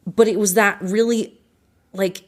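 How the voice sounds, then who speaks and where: A woman's voice: medium pitch, fairly even intonation, a little slow, a little mellow. A woman from Vermont, a podcast guest, telling her personal story in an earnest, emotional and frank way.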